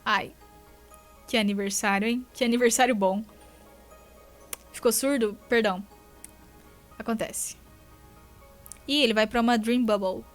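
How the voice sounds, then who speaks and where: A woman's voice: fairly high pitch, steady tone, moderate pace, pauses often, faint music behind. A young Brazilian woman with Portuguese as her first language, reading a webcomic aloud on a live stream in a playful way. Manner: playful, does silly character voices.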